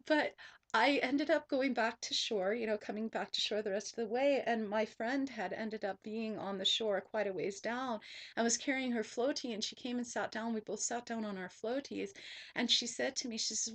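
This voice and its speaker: A woman's voice: on the high side, a bit bright. A woman spiritual teacher telling a personal story in an earnest monologue, often repeating herself and restarting sentences.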